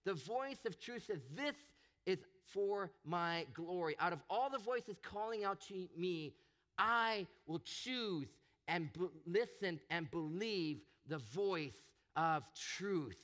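A man preaching a sermon, animated and expressive, acting out the voices he quotes. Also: sits high, takes it slowly. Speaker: pastor.

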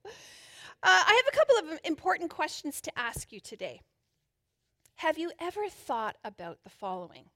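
A woman's voice: sits high, huge pitch swings, normal speed, long pauses, a bit bright. A woman pastor preaching a sermon in a chatty, playful way, joking and laughing easily with the congregation.

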